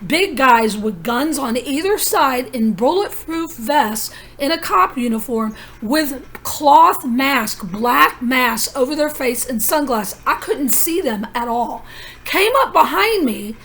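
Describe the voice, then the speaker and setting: A woman's voice: sits high, lively intonation, slow pace, a bit bright. A woman vlogging in a rambling personal monologue, telling her story in an urgent, conspiratorial way with many asides.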